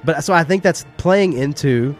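A man's voice: on the high side, moderate pace, soft background music. A man co-hosting a podcast, rambling and restarting sentences as he discusses a film, swearing casually. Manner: rambling, hesitant, profane. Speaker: podcast co-host.

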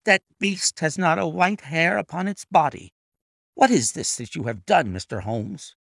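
A man's voice: medium pitch, sing-song, normal speed, husky, dry recording, studio quality. A man voicing an angry, agitated old racehorse-owning colonel who blusters indignantly.

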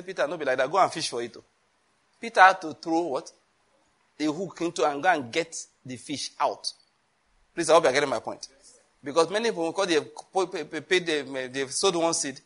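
Nigerian man preaching, high bright voice, animated, acts out voices. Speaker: pastor. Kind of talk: sermon.

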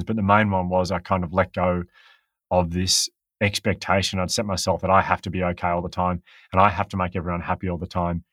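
Man, middle-aged, podcast guest, quick candid storytelling, lowish voice, close dry sound. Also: fairly bright tone, no echo. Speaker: author guest. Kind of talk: podcast interview.

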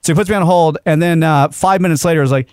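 A man hosting a radio talk show from the studio, telling a story with lively banter and acting out both sides of a phone call. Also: fairly high pitch, fast, clear, resonant tone, no echo.

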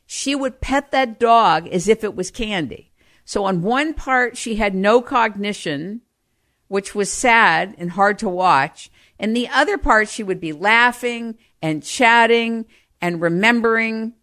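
A middle-aged woman telling personal stories, growing more animated as she goes. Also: on the high side, measured pace. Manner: animated, grows livelier and louder as she tells anecdotes. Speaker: storyteller. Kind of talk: personal storytelling.

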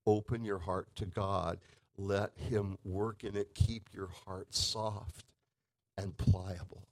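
A man preaching a sermon in a conversational way, with emphatic swings between loud and soft. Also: low voice, steady tone, takes it slowly, no room sound, rough recording.

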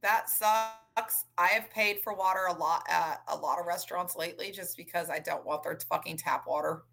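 A woman's voice: on the low side, moderate pace, creaky, fairly bright tone. A woman chatting casually with a friend, blunt and opinionated, swearing freely. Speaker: co-host. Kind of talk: casual chat. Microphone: computer mic on a call.

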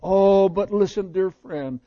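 Older guy preaching a sermon, pretty high voice, keeps repeating stuff for emphasis, kinda muffled recording. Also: takes it slowly. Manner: fervent, repetitive emphasis, swinging loud to soft.

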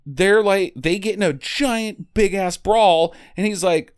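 A man's voice: high-pitched, a little slow, hardly any pauses, clean tone. A man chatting casually about a film, telling it with silly impressions and sound effects. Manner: animated storytelling with silly impressions. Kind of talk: casual movie chat.

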